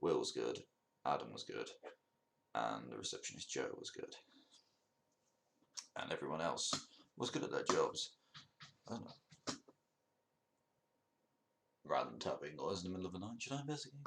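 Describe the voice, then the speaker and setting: A man's voice: extremely low pitch, normal speed, vocal fry, pauses often, fairly bright tone, a little hiss or hum. A young man hosting his own podcast, telling a long rambling story in a casual monologue, swearing and laughing at his own jokes. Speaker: podcast host.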